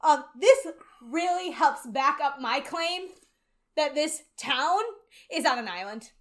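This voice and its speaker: A woman co-hosting a podcast in casual chat, recapping a show in an animated, excitable way and swearing freely. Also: high-pitched, slow pace. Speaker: podcast co-host.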